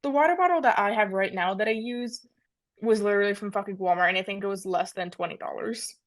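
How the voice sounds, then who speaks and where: Young woman, podcast co-host, easygoing casual talk, swears and laughs, middle pitch. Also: quick pace. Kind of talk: casual chat.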